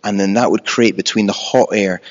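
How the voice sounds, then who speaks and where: A man's voice: on the low side, moderate pace, lo-fi sound. Young man preaching in a hall. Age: 20s. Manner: relaxed, self-deprecating storytelling. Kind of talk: storytelling sermon.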